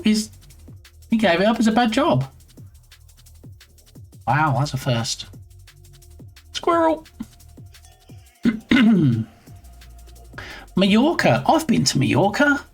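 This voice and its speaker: A man chatting casually on his game development live stream, playful and reading viewer messages aloud. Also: a little high.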